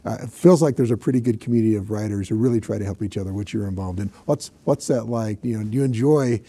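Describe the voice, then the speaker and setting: Interviewer guy, really dark husky voice, quick talker, asks curious questions. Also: on the low side. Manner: curious, back-channels with mm. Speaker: interviewer host.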